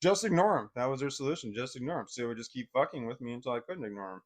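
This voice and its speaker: A man's voice: medium pitch, animated, very fast. A man telling a personal story in a casual, rambling way, full of fillers and repeating himself.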